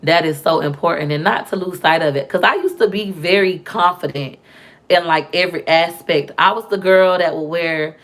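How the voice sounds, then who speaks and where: A woman's voice: fairly low pitch, normal speed. A woman, telling her life story in a candid, emphatic vlog, often acting out what others said. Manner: emphatic, repeats phrases, acts out quotes of others. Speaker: vlogger.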